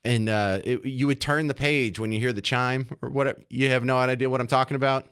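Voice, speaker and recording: A man's voice: mid-range voice, fairly quick, clear, resonant tone, no room sound, clean studio sound. A man hosting a talk radio show, delivering an opinionated, sarcastic monologue. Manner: sarcastic, mocking, animated.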